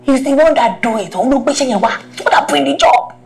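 A woman's voice: sits high, fast talker, creaky. Woman playing a gossipy Nigerian busybody. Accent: Nigerian, Yoruba-flavoured. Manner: gossipy, animated, mixes Yoruba into English. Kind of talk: comedic drama acting.

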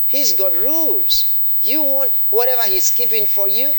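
A man's voice: high voice, animated, normal speed, a bit bright. A man preaching a sermon, repeatedly questioning the congregation and pressing his points with emphatic repetition. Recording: long hall reverb, faint noise.

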